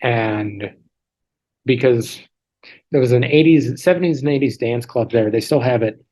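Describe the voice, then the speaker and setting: This interview guest, a man in his 30s, speaks at a measured pace in a mid-range, slightly mellow voice. His casual video-call storytelling is loose and joking, self-deprecating, and full of restarts and asides, captured in low quality.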